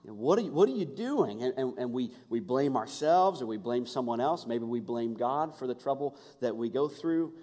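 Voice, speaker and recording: A man preaching a sermon, moving between urgent, raised passages and hushed, quiet ones. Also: mid-range voice, long reverb tail. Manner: dynamic, swings from urgent to hushed. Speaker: pastor.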